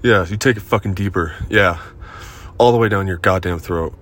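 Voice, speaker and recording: A man performing an erotic audio role-play in a dominant, commanding and profane manner, with breathy moans between lines. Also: sits low, normal speed, a bit bright.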